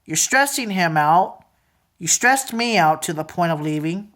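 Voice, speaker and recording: A woman's voice: expressive, a little slow. Angry young woman ranting, swearing. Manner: repeats phrases, drops to a low mutter at times. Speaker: vlogger. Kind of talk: emotional venting monologue.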